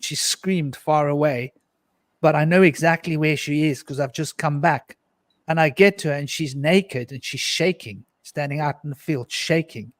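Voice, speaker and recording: Intense, higher-voiced man telling a story. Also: normal speed, no echo. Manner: earnest, intense storytelling with frequent restarts and repetitions. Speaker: panelist. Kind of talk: recounting a personal mystical experience in a panel discussion.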